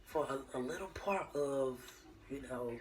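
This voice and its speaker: Young woman vlogger, warm chatty storytime delivery with lots of ums and restarts. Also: extremely low pitch, a little slow, slight background noise, poor audio. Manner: chatty and meandering, with many fillers and restarts; addresses viewers as y'all. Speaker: vlogger telling her birth story. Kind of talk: casual storytime.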